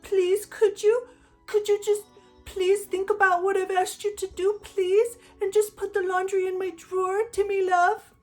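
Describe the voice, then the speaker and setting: A woman's voice: very high-pitched, little pitch movement, a little slow, soft background music, pitched above the performer's own voice. A woman imitating a condescending man who mocks with an exaggerated pleading sing-song. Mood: mocking.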